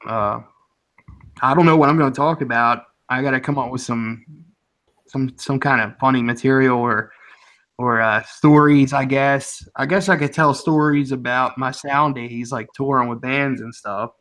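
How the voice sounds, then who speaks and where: A man's voice: mid-range voice, normal speed, fairly bright tone. A man from the Philadelphia area hosting a casual chat, rambling and chatty, often breaking into laughs.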